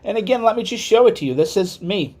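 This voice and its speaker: A man ranting as a political commentator, swearing and heated, swinging between loud outbursts and low muttered asides. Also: lively intonation, fast talker. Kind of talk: angry livestream rant.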